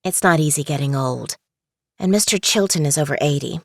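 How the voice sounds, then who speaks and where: Cast: a low, gravelly-voiced care home worker, gentle and sympathetic. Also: female voice, brisk, dry recording, studio quality. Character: care home staff woman, kindly and gentle. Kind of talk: audiobook dramatization.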